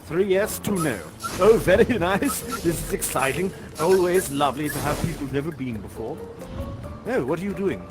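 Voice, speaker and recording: An actor plays a genteel, chatty male professor who guides players through a live virtual-reality performance, speaking at a moderate pace in a slightly high, animated voice close to his everyday one. He is genial, courtly and polite, chuckling often, with music playing in the background.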